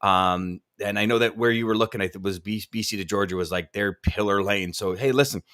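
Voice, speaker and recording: A man's voice: fairly low pitch, brisk, fairly bright tone. A man co-hosting a live sales show, reading viewer comments aloud and cheering them on with enthusiasm. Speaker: podcast co-host.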